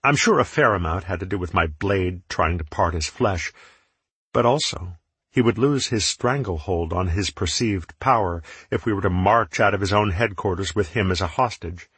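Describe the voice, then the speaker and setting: A man narrating a fantasy story in the first person, with a steady, measured reading. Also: low-pitched, slightly rough, no room sound. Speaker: audiobook narrator.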